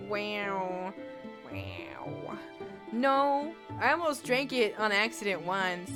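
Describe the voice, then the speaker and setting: A young woman in her twenties streams a game and reads chat, her medium-pitched voice sing-song and unhurried. She's giggly and rambling, full of fillers, in a casual let's-play with faint game music behind her.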